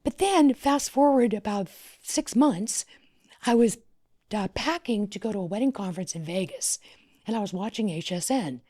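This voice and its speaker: A middle-aged woman from Louisiana, a podcast guest, tells her story expressively, sometimes dropping to a whisper and sometimes rising with excitement. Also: mid-range voice, normal speed. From Louisiana, USA. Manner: expressive, often drops to a whisper or rises excitedly. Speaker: podcast guest, wedding planner. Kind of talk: animated storytelling in conversation.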